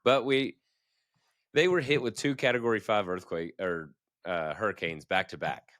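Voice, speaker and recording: A man with a deep, low voice telling relaxed stories on a podcast, laughing lightly between points. The recording is dry and close, with no room sound. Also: normal speed, no room sound. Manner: easygoing, chuckling storyteller. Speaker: podcast co-host. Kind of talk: casual storytelling chat.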